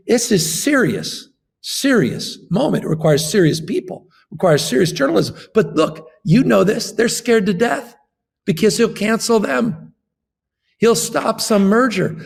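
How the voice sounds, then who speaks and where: A man's voice: high voice, expressive, moderate pace, gravelly. A man, a governor, giving an impassioned political interview, emphatic and fond of repeating his phrases.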